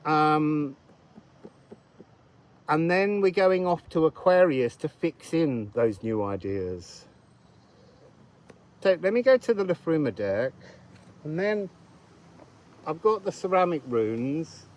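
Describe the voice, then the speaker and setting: A man's voice: fairly high pitch, big pitch swings, takes it slowly, pauses often, a little mellow, rough recording. A man giving a casual, meandering astrology and card reading outdoors, thinking aloud as he goes.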